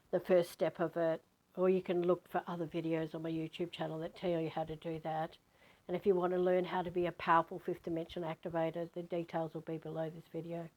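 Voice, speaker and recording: Low-voiced woman telling a spiritual story. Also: low-quality recording. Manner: animated, emphatic, repeats words for stress; frank, swears casually. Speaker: spiritual teacher. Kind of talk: personal storytelling vlog.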